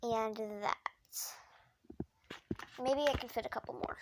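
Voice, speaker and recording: Female vlogger, slightly high voice, chatty and nervous, heavy clicking noise in the background. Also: fairly even intonation, a little slow. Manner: chatty, nervous, lots of "like" and "oh my gosh". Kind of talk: casual narration while stacking toys. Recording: loud clicking noise behind voice.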